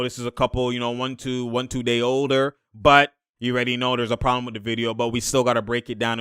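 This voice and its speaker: A young man giving casual reaction commentary on basketball footage, excitable and slangy, laughing often and slipping into high mimicking voices. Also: clean tone, no room sound, studio quality.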